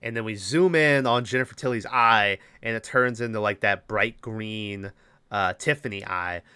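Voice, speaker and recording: A male podcast host in a casual, animated movie recap, swearing freely and rambling with fillers. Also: lowish voice, moderate pace, clear, resonant tone, dry recording, clean studio sound.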